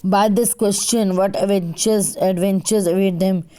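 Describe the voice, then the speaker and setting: Woman teacher, slow careful delivery, smooth clear voice, spells words aloud for kids. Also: medium pitch, steady tone, warm tone. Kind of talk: recorded online class for children.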